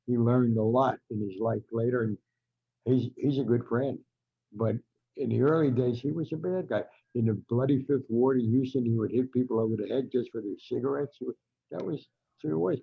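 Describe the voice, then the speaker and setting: A man's voice: mid-range voice, brisk, vocal fry, slightly rough, narrow, tinny audio. An older American man, a veteran writer, telling rambling anecdotes as a podcast guest, with an American accent. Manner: rambling anecdotal storyteller, frequent restarts. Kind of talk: storytelling interview.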